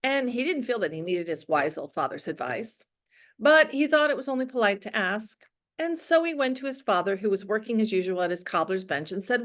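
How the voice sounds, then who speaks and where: A woman's voice: mid-range voice, a little fast. Woman teacher reading a story aloud. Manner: expressive reading, casual asides.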